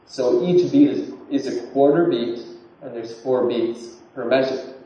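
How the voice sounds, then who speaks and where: A man giving an informal talk, halting and repeating words as he explains. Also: medium pitch, warm tone. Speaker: lecturer. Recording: distant, muffled room recording with heavy echo.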